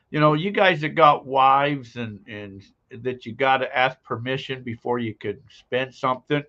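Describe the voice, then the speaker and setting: A man's voice: mid-range voice, a bit bright. Male live-stream host, casual and jokey; muffled, lo-fi sound. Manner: rambling, joking.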